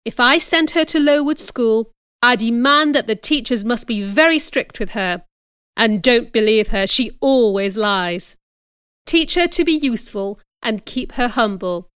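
A woman's voice: on the high side, expressive, unhurried, a bit bright, smooth, no echo, clean studio sound. A woman reading an audiobook, voicing a stern, cold, middle-aged aristocratic aunt who speaks in demands. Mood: demanding.

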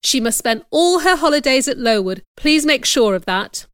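A woman's voice: sits high, lively intonation, moderate pace, fairly bright tone, clean tone, dry recording, studio quality. A woman reading an audiobook, voicing a stern, cold, middle-aged aristocratic aunt who speaks in demands. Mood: demanding.

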